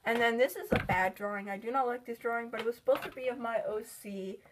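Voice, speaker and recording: A woman's voice: on the high side, steady tone, fast, background noise. A woman chatting casually in a vlog about her sketchbook, rambling and filling with "like". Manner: rambling, with many "like" fillers. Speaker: artist showing her sketchbook.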